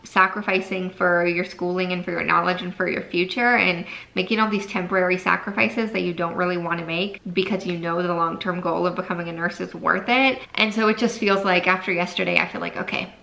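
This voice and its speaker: A woman's voice: lowish voice, steady tone, a little fast, vocal fry, few pauses, sharp tone, low-quality recording. A woman in her twenties, a nursing student vlogging to camera in a chatty, casual way, full of "like" fillers, at times holding back tears. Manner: chatty, lots of fillers like "like" and "freaking". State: tearful, holding back crying.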